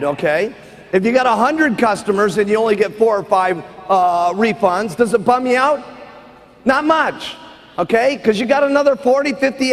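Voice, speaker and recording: A man giving a motivational seminar speech as a business trainer, emphatic and forever asking "okay?". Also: high voice. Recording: long hall reverb.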